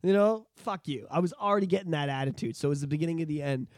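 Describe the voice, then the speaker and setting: High-voiced, profane man telling stories. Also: very fast, no room sound. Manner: profane, animated storytelling. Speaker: podcast host. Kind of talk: casual nostalgic chat.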